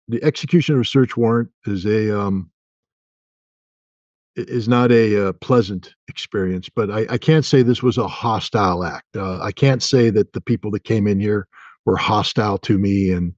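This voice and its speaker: An American man in his sixties, giving a halting, emphatic interview answer that turns forceful and defiant. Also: on the low side, dry recording. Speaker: interview guest. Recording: dull, dry remote call audio.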